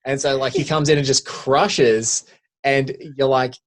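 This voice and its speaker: Animated man chatting about films. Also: mid-range voice, measured pace. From Virgin Islands. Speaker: podcast co-host. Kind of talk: casual film chat.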